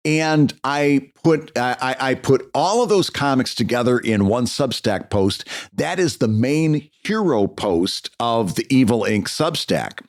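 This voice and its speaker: A man's voice: unhurried, hardly any pauses. A man co-hosting a podcast, a cartoonist casually explaining how he set up his page. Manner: conversational, explaining with lively pitch.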